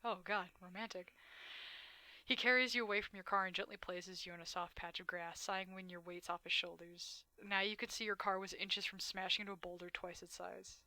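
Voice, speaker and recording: A woman's voice: fairly low pitch, fairly even intonation, fairly quick, bright, forceful tone, no echo. A woman streamer reading a dating game aloud, dramatic narration broken by blunt, swearing asides.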